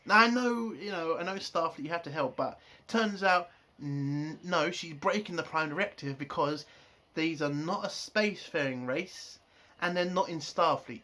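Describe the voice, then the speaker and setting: A man's voice: a little high, moderate pace, pushed and bright. A man giving a casual spoken review of a TV episode. He rants in an exasperated way and swears a lot.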